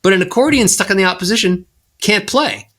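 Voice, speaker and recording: A middle-aged man, a voice coach, teaching in a podcast interview and showing tips with his own voice. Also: brisk. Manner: animated teacher, swoops pitch up and down to demonstrate. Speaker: voice coach guest.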